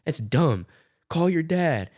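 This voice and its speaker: A man's voice: fairly high pitch, sing-song, slow, darkish tone, voice pushed up. A man voicing a nagging talking orange chicken that keeps scolding him. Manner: insistent, scolding.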